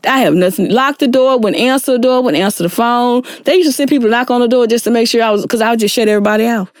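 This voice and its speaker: A woman's voice: fairly high pitch, very fast, no echo, clean studio sound. A middle-aged woman, telling her personal story with earnest feeling and acting out the people she quotes. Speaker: guest sharing her story. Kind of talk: emotional personal testimony.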